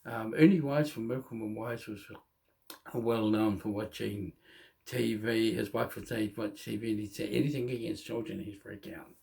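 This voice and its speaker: A middle-aged man telling his own life story in a candid, halting way, often restarting his sentences. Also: lowish voice, steady tone, vocal fry, warm tone. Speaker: vlogger. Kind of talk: personal storytelling monologue.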